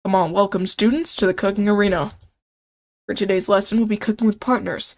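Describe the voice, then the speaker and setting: A woman voicing a brisk cooking class instructor in a game, giving orders to students. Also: mid-range voice, steady tone, natural voice.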